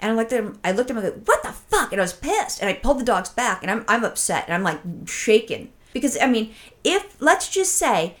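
A woman co-hosting a podcast, telling a story in a casual, profane, excitable way and acting out her own reactions. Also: on the high side. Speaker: podcast co-host.

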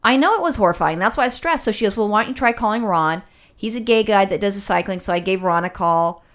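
A woman tells a rambling story in casual conversation. She swears freely and acts out what other people said. Her pitch sits in the middle for a woman. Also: quick pace. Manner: animated, profane storytelling with acted-out quotes. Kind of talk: casual chat.

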